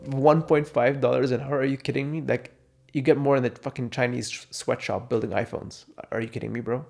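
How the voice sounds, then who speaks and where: A man's voice: mid-range voice, steady tone, quick pace, gravelly, darkish tone, soft background music. A young man talking straight to camera in a casual rant, blunt and sarcastic, swearing freely and mocking other people in quoted voices. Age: young adult. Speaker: vlogger. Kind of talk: casual ranting monologue.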